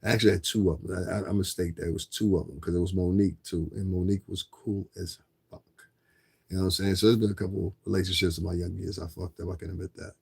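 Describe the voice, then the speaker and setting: A man's voice: low-pitched, flat delivery, quick pace, gravelly, darkish tone, slightly rough. A man livestreaming a casual, rambling, profane rant to viewers, often repeating himself. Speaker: livestreamer asking viewers for donations.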